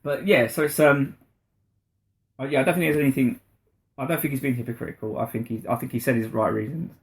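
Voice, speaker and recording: A man co-hosting a casual podcast, retelling stories in a lively way and laughing a lot. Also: medium pitch, fast talker. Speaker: podcast co-host. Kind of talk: casual chat.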